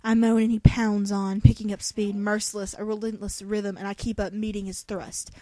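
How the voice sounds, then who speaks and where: A woman's voice: mid-range voice, flat delivery, moderate pace, warm tone, dry recording. A young woman reading a novel aloud in a dramatic voice, breaking off for sarcastic jokes. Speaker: reader.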